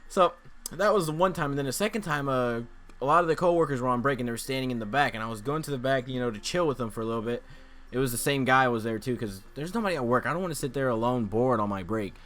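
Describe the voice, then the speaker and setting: A man's voice: mid-range voice, fast talker, fairly bright tone. A young man vlogging casually, telling a rambling story and acting out the voices of people he quotes.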